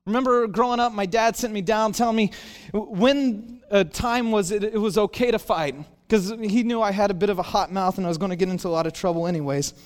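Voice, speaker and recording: A man preaching a sermon as a pastor, telling stories with animated acted-out dialogue and self-deprecating humor. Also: sits high, brisk, smooth. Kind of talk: storytelling sermon. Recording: long hall reverb.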